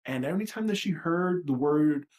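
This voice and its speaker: A man's voice: a little high, expressive, moderate pace, a little mellow. A man hosting a livestream, talking in a blunt, profane and self-reflective way. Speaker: livestream host. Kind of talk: candid livestream monologue.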